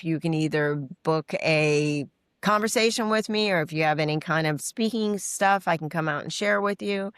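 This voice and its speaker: A middle-aged woman speaking candidly as a podcast guest, her voice sitting fairly low. She tells stories with animated, acted-out voices and casual swearing. The recording is dry and close. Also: clear, resonant tone, dry recording. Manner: animated storytelling, acting out quoted voices; frank, uses casual swearing. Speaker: guest, recovery mentor and author. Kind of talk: candid interview conversation.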